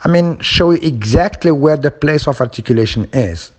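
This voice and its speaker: A man's voice: on the high side, animated, normal speed, breathy edge. A man teaching a phonology lesson, demonstrating intonation by acting out example sentences.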